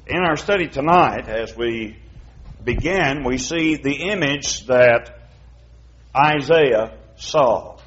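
A man's voice: medium pitch, slow, fairly bright tone, slight background noise. A man leading an evening Bible study as preacher, reading scripture with rising emphasis. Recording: dull lo-fi sound.

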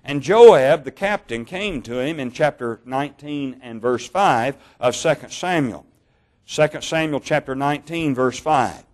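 Male preacher, sermon, reads scripture aloud, measured pace, fixes his own stumbles, mid-range voice. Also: medium pitch, animated. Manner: measured, slow over key words, stumbles on names and corrects himself.

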